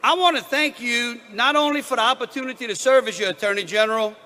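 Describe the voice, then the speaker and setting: A man giving a loud, rousing political speech at a rally, pausing between phrases. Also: very high-pitched, big-room sound, slight background noise.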